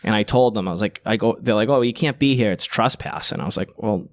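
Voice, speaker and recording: A man's voice: on the low side, quick pace. Profane young man telling a story. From Boston. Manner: profane, animated storytelling with many fillers. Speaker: podcast guest. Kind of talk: casual storytelling.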